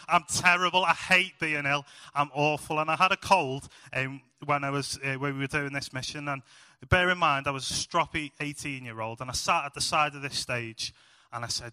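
A man's voice: a little high, fairly even intonation, normal speed, sharp tone, clear, resonant tone, dry recording, long reverb tail. A young man preaching a sermon in a chatty, self-mocking storytelling way.

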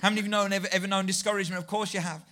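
A man preaching a sermon, telling stories in a lively, self-deprecating way and building to near shouts. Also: high voice, rapid-fire. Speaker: pastor.

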